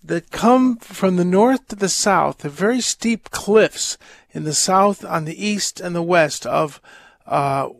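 A man hosting a Catholic call-in radio show, reading letters and answering questions in a rambling, halting, wry way. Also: high-pitched, vocal fry, no echo, studio quality. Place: radio studio. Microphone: studio microphone.

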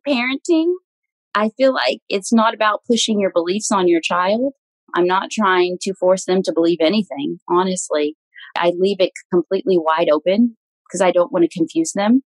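A young woman guest in a casual interview, earnest and warm, laughing often as she talks. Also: mid-range voice, dry recording, low-quality recording. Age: young adult.

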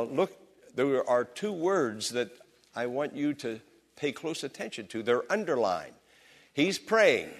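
A middle-aged man preaching a sermon as pastor in a church, his voice swelling and dropping with passion. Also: mid-range voice. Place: church sanctuary.

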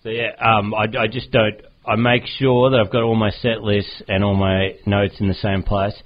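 A man's voice: lowish voice, little pitch movement, normal speed. A man, a comedian co-hosting a podcast, chatting casually in a rambling, self-deprecating way. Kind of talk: casual chat. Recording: slightly muffled lo-fi podcast.

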